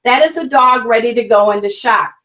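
High-pitched woman explaining pet first aid, upbeat and folksy, roomy echo, sounds a bit far from the mic. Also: fairly quick. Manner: energetic, vivid, instructive, folksy. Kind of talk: guest expert in an online interview.

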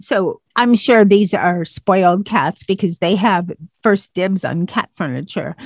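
A woman's voice: on the low side, a little slow, dry recording, studio quality. A woman interviewing a guest, rambling through loose sentences full of "you know" and restarts. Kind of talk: casual interview chat.

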